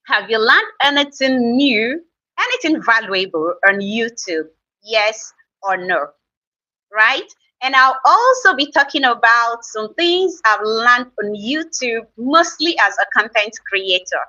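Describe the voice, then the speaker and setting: Female live-stream host, Nigerian accent, high bright voice, unhurried teasing chat, lo-fi stream audio. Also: recorded from a distance. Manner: chatty, teasing, reads viewer comments aloud. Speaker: YouTube creator hosting a live stream. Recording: slightly dull lo-fi stream audio.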